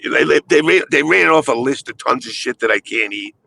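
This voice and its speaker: A man's voice: medium pitch, lively intonation, a little fast, creaky, pushed and bright, rough recording. An older man telling long, profane stories in casual chat. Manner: profane, rambling storyteller.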